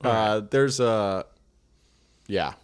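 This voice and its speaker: A man's voice: on the low side, drawn-out words, clear, resonant tone. A man co-hosting a podcast in casual comedic chat, profane and jokey. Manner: profane, jokey, slips into goofy impressions. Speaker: podcast co-host.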